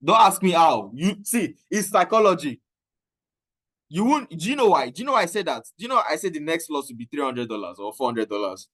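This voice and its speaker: A man with a Nigerian accent telling a casual, animated story about trading and often mixing in Pidgin. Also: on the high side, fairly quick. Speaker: trading coach. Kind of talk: casual talk.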